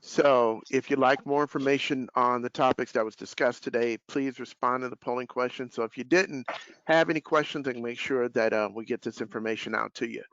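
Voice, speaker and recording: A man with a gravelly, creaky voice hosts a business webinar in a casual, relaxed manner, working through questions and closing remarks. The audio is dry and a bit dull, as over a video call. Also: medium pitch, brisk, no room sound. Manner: casual, relaxed, filler-heavy. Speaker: webinar host, life sales director.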